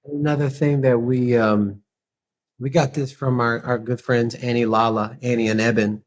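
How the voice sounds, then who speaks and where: A man guest on a podcast, clarifying points and telling stories about his relationship in an animated way. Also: mid-range voice, moderate pace. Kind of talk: candid relationship talk.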